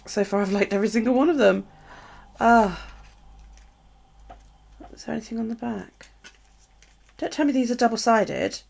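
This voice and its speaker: A woman's voice: on the high side, normal speed, gravelly, pauses often, a little mellow. A middle-aged woman with a British accent, chatting casually to viewers while unboxing craft supplies and gushing over them. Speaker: craft live streamer.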